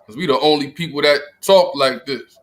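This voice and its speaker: A man's voice: a little high, moderate pace. A man reading scripture aloud in a class and chiming in with agreement.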